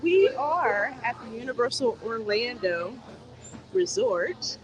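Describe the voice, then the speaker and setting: A woman's voice: mid-range voice, lively intonation, slow pace, pauses often, fairly bright tone, highs cut off. A woman, live-streaming a casual, playful walk through a theme park gift shop and talking straight to her viewers.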